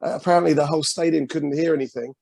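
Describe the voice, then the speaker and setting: Gravelly North London man. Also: on the high side, fairly even intonation, rapid-fire, a little mellow, no room sound. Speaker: podcast guest. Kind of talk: casual video-call interview. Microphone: video call.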